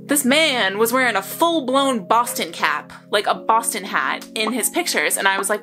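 A woman's voice: fairly high pitch, expressive, normal speed, hardly any pauses, over music. A young woman vlogger telling a story to her viewers in a casual, rambling way, with lots of fillers and bursts of laughter.

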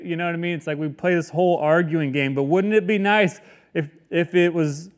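A man's voice: a little high, steady tone, fairly quick. A man preaching a casual, conversational sermon, often slipping into quoted everyday voices. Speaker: pastor.

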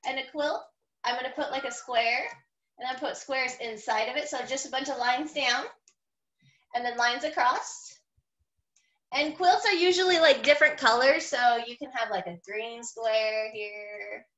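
A woman teaching a phonics lesson to young children, sounding out words slowly and clearly and praising them cheerfully. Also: sits high, fairly bright tone. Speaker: kindergarten teacher.

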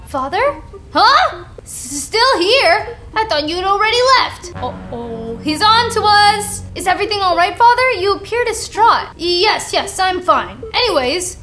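A young woman gives excitable gaming commentary, full of exclamations and giggles. Her voice is very high and bright, and it swoops all over as she reacts. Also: a little slow, faint music behind. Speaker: gaming channel host.

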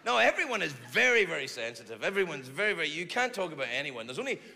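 Animated profane stand-up comedian, gravelly. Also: male voice, fairly high pitch, quick pace, a little hiss or hum. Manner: profane, animated, mock-indignant. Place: large theater with live audience. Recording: echoey hall, loud crowd laughter.

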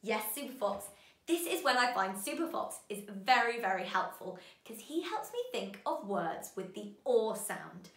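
A woman teaching a children's phonics lesson, giving bright, sing-song encouragement to young learners. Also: medium pitch, expressive, measured pace, roomy sound.

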